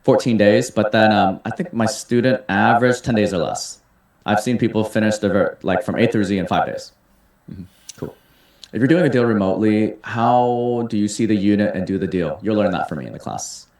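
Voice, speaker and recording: Low-voiced upbeat man hosting a webinar. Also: fairly quick, darkish tone. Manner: upbeat salesy, reads audience questions aloud. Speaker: webinar host and mentor. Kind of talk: casual webinar Q&A. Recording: roomy echo.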